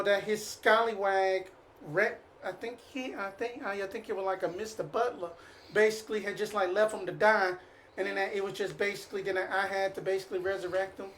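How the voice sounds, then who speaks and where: A chatty Southern-accented cleric woman, put on by a woman at the table rambles on, stacking fillers and restarting her sentences. Her voice sits mid-pitch, and faint noise hums in the background. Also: fairly even intonation, a little fast, fairly bright tone, natural voice. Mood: rambling. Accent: put-on American Southern.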